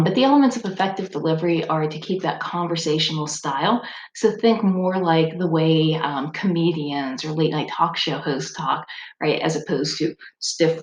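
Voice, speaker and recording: A woman's voice: sits low, a little mellow. A woman speech instructor giving a recorded lecture in a conversational, explanatory way, with occasional ums. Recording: roomy echo with faint background noise.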